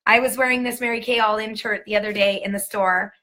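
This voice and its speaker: A woman's voice: medium pitch, steady tone, fast, pushed and bright. A woman training a new sales team on a live stream, talking in an emphatic, upbeat pep-talk way.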